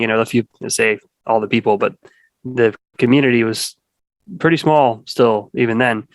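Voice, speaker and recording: Halting, rambling man in a dry room. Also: medium pitch, fairly even intonation, no room sound. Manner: rambling, many restarts and fillers. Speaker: podcast guest. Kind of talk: casual conversation.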